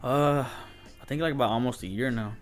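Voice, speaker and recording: A man guesting on an interview, telling DJ stories in relaxed, slangy casual chat with frequent laughs. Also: medium pitch, a little fast, faint music behind. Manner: laid-back storytelling, says "dude" and "bro" a lot, laughs often.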